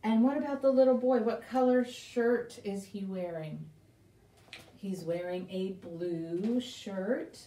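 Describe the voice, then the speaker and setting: At a live children's story time in a library room, a woman librarian reads a picture book aloud, asking the kids questions, making animal noises and teaching them signs. Her voice is medium in pitch and slow, heard from a distance with a roomy echo.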